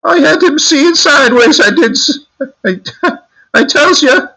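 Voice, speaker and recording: A man voicing a bawdy old British grandmother in a high, warbling falsetto with a theatrical, quavering manner. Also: animated, a little slow, gravelly, sharp tone, exaggerated voice, rough recording. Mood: wailing, bawdy. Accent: put-on British.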